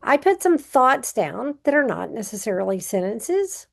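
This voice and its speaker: A woman's voice: on the high side, sing-song, a little slow, vocal fry. A woman teaching a recorded grammar review, patiently explaining step by step with example sentences.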